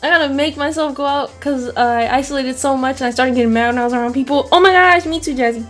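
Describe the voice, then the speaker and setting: A woman's voice: high voice, fast talker. A young adult woman talking casually as an artist vlogger, full of "like" fillers, swearing and ranting. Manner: chatty, many "like" fillers, swears and rants with laughs. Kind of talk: casual vlog chat. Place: home art studio. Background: faint background music.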